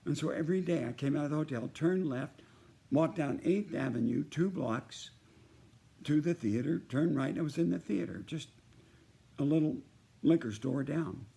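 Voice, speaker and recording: Older man, gravelly, husky, rambling anecdote, casual message to a friend, slightly high pitch. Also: normal speed, dark tone. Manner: rambling, jumps from story to story. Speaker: performer sending a birthday message. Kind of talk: casual anecdote told to one listener.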